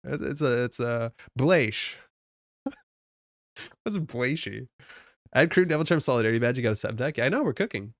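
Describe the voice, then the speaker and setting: Chatty Canadian man with a gravelly voice. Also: medium pitch, lively intonation, moderate pace, pauses often, no echo, clean studio sound. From Alberta, Canada. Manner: chatty and self-mocking, thinks aloud, laughs often. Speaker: streamer building a card game deck. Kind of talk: casual live-stream chat.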